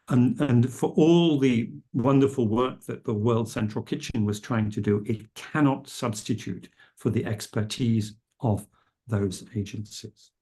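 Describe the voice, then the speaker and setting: A middle-aged man giving a formal lecture, measured and careful, quoting legal texts precisely. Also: mid-range voice, mellow, husky. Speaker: speaker at a public health lecture. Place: lecture room.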